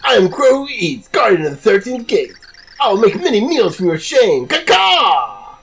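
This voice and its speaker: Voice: mid-range voice, very animated, normal speed, slightly rough, faint music behind, pitched above the performer's own voice. A gamer voicing a boastful crow gate guardian, cawing and gloating in a loose celebrity-chef impression.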